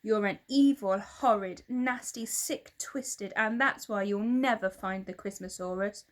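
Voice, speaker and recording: A woman voicing a brave young boy who shouts, high and loud, in a storybook read-aloud. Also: measured pace, close to an everyday voice. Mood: furious.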